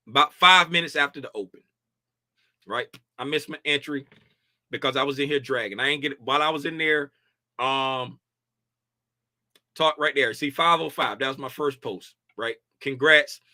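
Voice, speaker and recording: A man's voice: on the high side, moderate pace, pauses often, sharp tone, dry recording, clean studio sound. Chatty man walking through trading charts. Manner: conversational, repeats "right?" often, colloquial speech. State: tired, dragging. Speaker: futures trading educator. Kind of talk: casual screen-share chart walkthrough.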